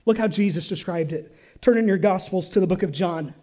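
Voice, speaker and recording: High-voiced preaching pastor. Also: male voice, a little fast. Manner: preaching with call-and-response, swinging from loud to hushed. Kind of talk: sermon.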